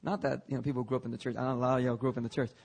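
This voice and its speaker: A man's voice: medium pitch, flat delivery, very fast, gravelly, darkish tone, slightly rough. A young man preaching a fervent church sermon, often breaking in with "hallelujah" in a sanctuary.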